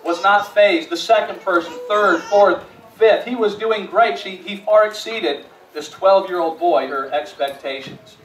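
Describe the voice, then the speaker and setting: A male pastor preaching a sermon in a church, dropping to hushed storytelling and rising to emphatic appeals, often repeating words as he restarts phrases. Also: high-pitched, measured pace, a little hiss or hum. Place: church sanctuary. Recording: echoey church room, mic at a distance.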